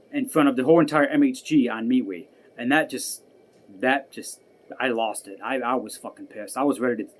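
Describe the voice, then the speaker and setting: A man vlogging an angry personal rant, profane and heated, repeating himself as he goes. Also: mid-range voice. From United States.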